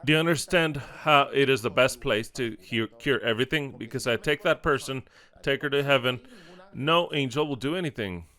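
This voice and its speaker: A male preacher gives a loose, conversational sermon with a bright, forward tone. His voice is crisp and clear, and he keeps slipping into the voices of the people he describes. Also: mid-range voice, normal speed. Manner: conversational, acts out quoted speech with repeated lines. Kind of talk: informal sermon.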